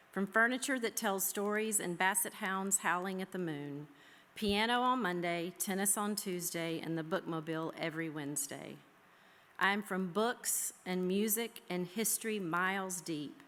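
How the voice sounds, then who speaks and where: A woman from the American South, a history teacher, reading her own poem aloud and then speaking warmly and folksily to her students. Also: mid-range voice. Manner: heartfelt, folksy, says y'all. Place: school chapel. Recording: reverberant hall.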